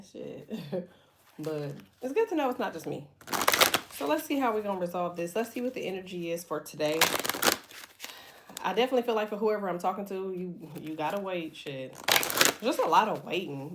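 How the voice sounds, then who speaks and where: A woman's voice: medium pitch, background noise. A woman giving a casual tarot reading, blunt and profane, chatting freely with her viewers. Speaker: tarot reader.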